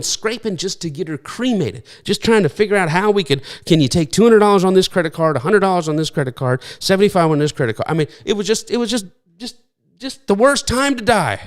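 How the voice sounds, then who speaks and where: A male pastor preaching a sermon, his voice sitting a little higher than most men's. He tells stories in a loose, conversational way, stumbling over fillers and restarts and slipping into the voices of the people he quotes. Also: darkish tone.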